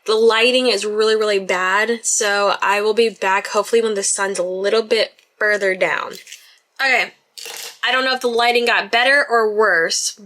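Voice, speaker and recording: In her bedroom, a young beauty vlogger with a bright, forceful, mid-range voice chats casually through a makeup tutorial. She is chatty and self-deprecating, apologizing frequently and laughing at herself.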